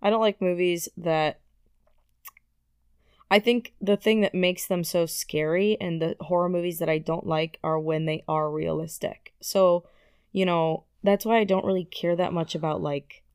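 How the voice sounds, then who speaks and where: A woman's voice: fairly low pitch, unhurried, clean tone, no echo, clean studio sound. A woman guesting on her partner's podcast, chatting casually and laughing often. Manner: giggly, expressive, swears casually. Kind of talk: casual chat.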